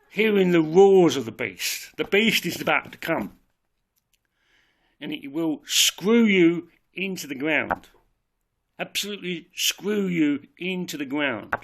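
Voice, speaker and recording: A man delivers a heated monologue, swearing and driving his points home through repetition. His voice is gravelly and sits a little high for a man. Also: expressive, takes it slowly, pauses often. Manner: ranting, emphatic, swears, repeats himself. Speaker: political speaker. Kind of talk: impassioned monologue.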